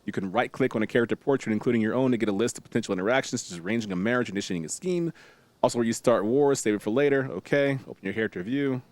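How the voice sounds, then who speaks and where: In a mid-range voice with no echo, a man races through his words as he streams a strategy game. Reading tutorial text out loud, he jokes playfully with his viewers and fires off excited exclamations.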